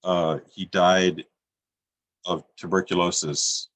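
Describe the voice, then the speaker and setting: A middle-aged man reading his own poems on a video call, with a dry, deadpan delivery and self-mocking jokes. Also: low-pitched, takes it slowly, no echo. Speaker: featured poet. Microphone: computer mic on a video call.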